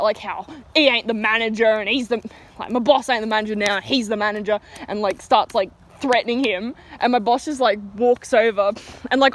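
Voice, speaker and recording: A young Australian woman telling a story casually outdoors, rambling with lots of fillers and giggles. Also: fairly high pitch.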